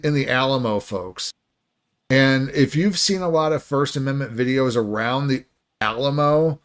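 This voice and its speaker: Animated male reaction-stream host. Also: mid-range voice. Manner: animated, laughing asides, frequent restarts. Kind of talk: live reaction commentary.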